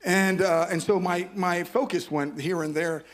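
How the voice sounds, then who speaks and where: A man's voice: sits high, steady tone, a little slow. An older man speaking at a conference, telling a personal story as a sermon, rambling and self-deprecating with many restarts.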